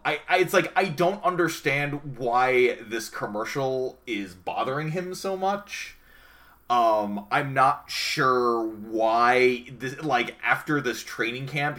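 A man with a mid-range, bright voice speaks in a forceful tone as co-host of a casual anime review podcast. His talk is rambling and hesitant, packed with fillers.

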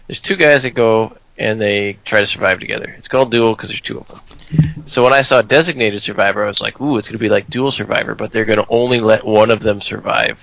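A young man telling a rambling anecdote in casual chat, ending it with deadpan swearing. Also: fairly low pitch, fast, vocal fry, no room sound, rough recording.

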